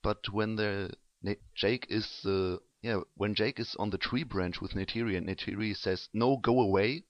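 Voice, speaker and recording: A man on a casual film podcast, joking and acting out quoted lines in a relaxed way. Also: lowish voice, moderate pace, few pauses, dry recording, dull audio. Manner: relaxed, jokey, acts out quotes. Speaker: podcast panelist.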